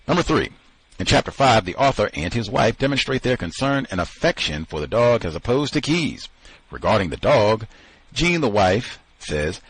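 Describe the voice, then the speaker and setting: A man's voice: lowish voice, big pitch swings, a little slow, gravelly, a bit bright, husky, no echo. A man hosting a book discussion, talking emphatically and repeating phrases for effect. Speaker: host.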